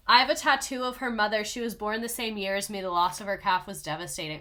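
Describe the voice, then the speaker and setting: Young woman host, bright timbre; sarcastic, emotional, casual commentary. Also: mid-range voice, quick pace, few pauses. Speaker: video host. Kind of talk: casual commentary over clips.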